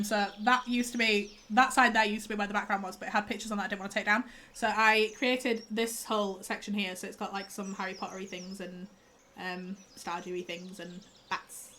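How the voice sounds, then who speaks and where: A woman's voice: medium pitch, pushed and bright, slight background noise. A young woman, chatting and rambling casually as a streamer while she plays. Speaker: streamer host. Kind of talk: casual chat while gaming.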